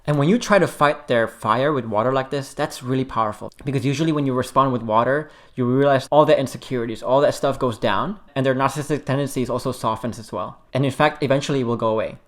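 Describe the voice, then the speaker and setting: A man working as a relationship coach, giving calm, steady advice straight to the camera and repeating key points gently. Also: medium pitch, fast talker, hardly any pauses. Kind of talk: direct-to-camera advice talk.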